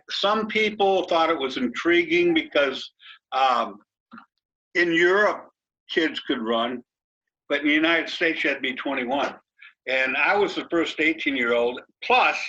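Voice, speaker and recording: An older man, telling racing stories in an animated, folksy way over a video call. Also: fairly high pitch, a little slow, lo-fi sound. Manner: animated, folksy storyteller, colorful cursing. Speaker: racing driver guest.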